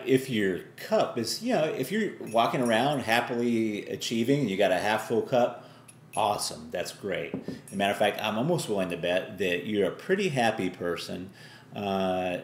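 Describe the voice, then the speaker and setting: A man's voice: on the low side, gravelly, a little mellow, echoey room. A middle-aged man giving a casual motivational talk to camera, folksy and rambling, now and then acting out exasperated remarks. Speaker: online business vlogger.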